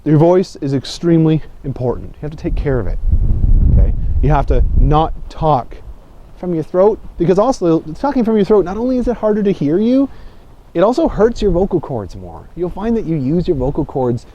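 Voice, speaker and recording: A man teaching public speaking in a relaxed, chatty way, often checking in with his listeners. His voice is warm and mellow, and his pitch swings up and down as he makes points. The recording sounds a little dull and lo-fi. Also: normal speed, a little hiss or hum. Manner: conversational, keeps checking in with "okay?", dips low and quiet to make points. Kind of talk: casual video lesson.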